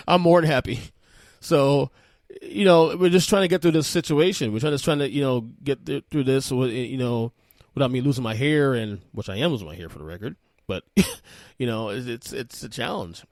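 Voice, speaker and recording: Male podcast host, thirties, casual and animated storyteller, dry recording. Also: mid-range voice, moderate pace, no room sound. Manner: rambling, animated, with frequent restarts.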